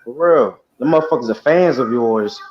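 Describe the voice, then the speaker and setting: A man's voice: medium pitch, expressive, normal speed, a little mellow, highs cut off, slight background noise. A man co-hosting a casual, profane chat, repeating himself to drive his point home. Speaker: podcast co-host.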